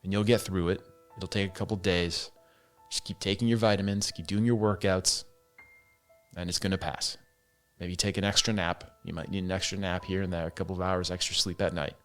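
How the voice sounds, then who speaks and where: A man with a lowish voice talks on his own, loose and candid, swearing now and then and calling the listener "man". Faint music plays under him. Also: steady tone, a little fast. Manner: candid, swears freely, says "man" and "dude". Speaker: podcast host. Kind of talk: casual solo monologue.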